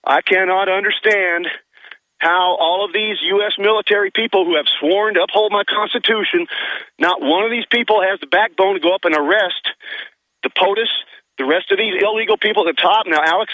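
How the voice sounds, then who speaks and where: A man's voice: sits high, pushed and bright, no echo, highs cut off. A man from Colorado calling in to a talk radio show on a speakerphone, ranting in an agitated, impassioned way. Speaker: caller. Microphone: phone on speaker.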